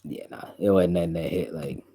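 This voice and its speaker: A man's voice: sits low, brisk, mellow, breathy edge, dry recording. A man who makes beats, casually chatting on his stream about his old producer tags, rambling and restarting his sentences. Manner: rambling, restarts often, laughs while telling stories.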